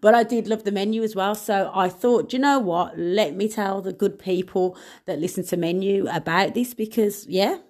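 A woman's voice: mid-range voice, moderate pace, few pauses, darkish tone. A young woman hosting a podcast in a casual, chatty way, with playful asides and frequent laughs. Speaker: podcast host. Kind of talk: casual solo podcast chat.

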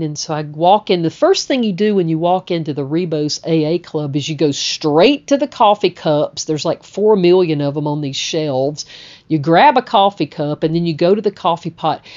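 A woman's voice: fairly low pitch, a little mellow, dull audio. A middle-aged woman, telling a personal story in a chatty, conversational way. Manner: chatty, conversational, with frequent "you know" and "like".

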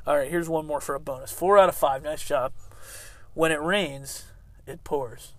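A man's voice: on the high side, normal speed, no room sound. A man co-hosting a casual podcast, laughing often as he runs a slogan quiz. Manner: laughing, loose quizmaster. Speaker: podcast co-host. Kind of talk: casual chat.

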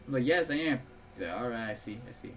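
A young man hosting a casual gaming video, swearing and laughing as he tells stories and yells instructions at a friend. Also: mid-range voice, lively intonation, quick pace, slight background noise. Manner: profane, laughing, swings from storytelling to yelling at his partner.

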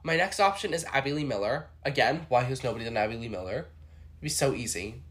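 A young adult host chatting solo in a campy, playful way. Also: male voice, mid-range voice, lively intonation, fairly bright tone. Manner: chatty, campy, jumps into quick impressions. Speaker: podcast host. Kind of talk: casual solo chat with impressions.

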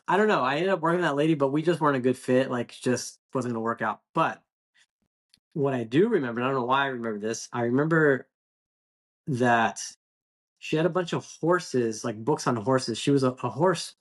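A man on a podcast, a dog trainer, recalling a client in rambling casual talk. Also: medium pitch. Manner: rambling, full of fillers and restarts.

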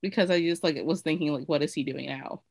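Woman co-host, low voice, dry close mic, candid and rambling. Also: fast, vocal fry, a little mellow, no echo. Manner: candid, rambling storytelling with many fillers. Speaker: podcast co-host. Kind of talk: casual chat.

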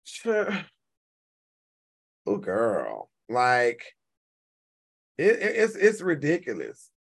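A man in his forties hosting a casual live-stream rant, animated and profane, repeating himself and now and then breaking into shouts. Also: mid-range voice, extremely slow, vocal fry, husky. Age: 40s. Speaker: YouTube commentary host.

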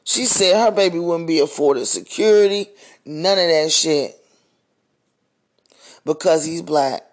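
A man's voice: on the high side, a little slow. A man hosting a podcast, speaking in a blunt, profane, heated monologue rant. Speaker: podcast host. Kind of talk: ranting monologue.

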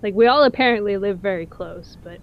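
A woman's voice: medium pitch, brisk, lo-fi sound. Chatty woman narrating a game turn. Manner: chatty, descriptive. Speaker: player.

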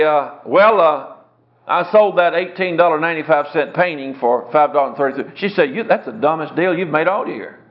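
A middle-aged man, a Bible teacher telling a folksy story in a sermon, chuckling as he acts out the dialogue. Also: on the high side. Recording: dull lo-fi recording.

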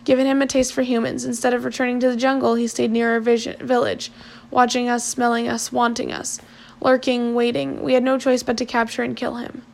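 A woman reading the lines of a stern, bitter old island chief in a grave, measured, slightly hushed voice, her own voice high and a little gravelly. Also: completely flat delivery.

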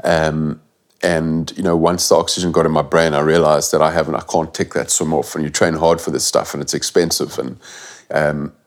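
A South African middle-aged man, a guest in an interview, tells a gripping personal story in a very low voice at normal speed. His delivery is flat yet blunt and earnest, with the occasional swear word and restarted sentences.

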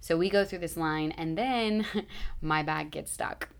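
Low, gravelly-voiced woman rambling casually. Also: slow pace. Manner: rambling, chatty, lots of "like" fillers. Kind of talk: casual storytelling vlog.

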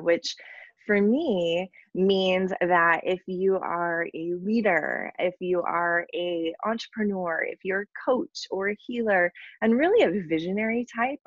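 A woman coach talks earnestly and at length in an interview, tired after a short night, filling pauses with ums and likes. Her voice sits a bit low, and the audio is dry and a little dull. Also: no echo. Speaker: business coach, interview guest. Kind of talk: casual interview conversation.

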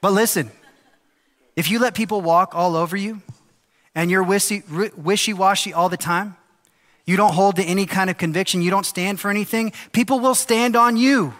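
A male pastor preaching a sermon, animated and lively, often acting out the voices of people in the story. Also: sits high, moderate pace. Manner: animated, acts out quoted voices. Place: church sanctuary. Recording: long hall reverb.

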